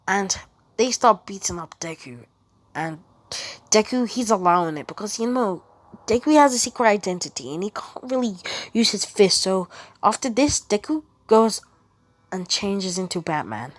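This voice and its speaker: A woman's voice: mid-range voice, animated, moderate pace, no room sound. A woman casually retelling a made-up story, rambling and stringing events with quoted lines.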